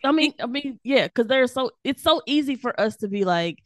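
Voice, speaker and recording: A woman guest on a faith podcast, chatting casually and telling her story with animated energy and frequent laughs. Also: on the high side, normal speed, no room sound, clean studio sound. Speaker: guest, devotional author.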